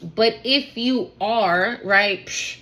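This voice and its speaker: A woman giving a casual spiritual reading to her viewers, talking fast and excitably with lots of slang and casual swearing. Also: medium pitch, poor audio.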